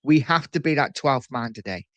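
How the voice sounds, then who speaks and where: A man's voice: mid-range voice, animated, moderate pace, fairly bright tone, no echo. A man hosting a casual fan live stream, reading out viewer comments and reacting in a chatty way, often repeating himself. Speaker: fan channel host reading live chat.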